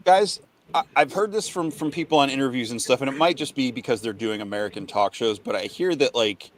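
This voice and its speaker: A man's voice: medium pitch, brisk, a little hiss or hum. A man co-hosting a casual podcast chat, rambling and trailing off mid-sentence. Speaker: podcast co-host.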